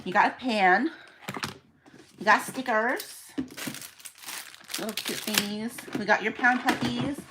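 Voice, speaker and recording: Her voice on the high side, a young woman speaks slowly with long pauses while chatting to live-stream viewers. She owns a small shop and is packing orders at home, talking freely over background noise.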